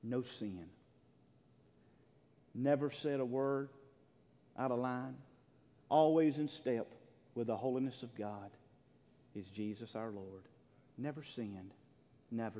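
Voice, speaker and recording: A pastor preaching a sermon in a church, emphatic, swinging between loud declarations and hushed, near-whispered lines. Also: male voice, medium pitch, a little slow, pauses often. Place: church sanctuary. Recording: long reverb of a large hall.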